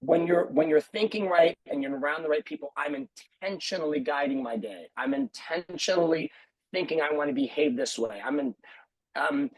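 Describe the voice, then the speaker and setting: A man talks earnestly about running his martial arts school, repeating key phrases for emphasis. His voice sits a little high and has a husky edge. The sound is dry and close, as on a video call. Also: dry recording, low-quality recording. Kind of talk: video call panel talk.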